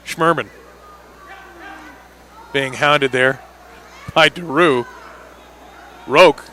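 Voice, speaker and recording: A man doing live play-by-play commentary on an indoor soccer match, with quick calls that rise sharply on big plays. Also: on the high side, bright, forceful tone, a little hiss or hum.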